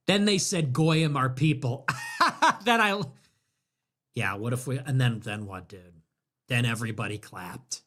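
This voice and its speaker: A man hosting a livestream, rambling sarcastically, laughing often, swearing and dropping into low mutters. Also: lively intonation, a little slow, long pauses, pushed and bright. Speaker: livestream host. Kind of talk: casual livestream commentary.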